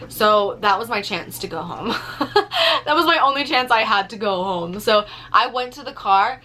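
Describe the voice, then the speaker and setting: A young woman telling a story in a casual vlog, animated, swearing freely and using lots of fillers. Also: medium pitch, normal speed. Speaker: vlogger.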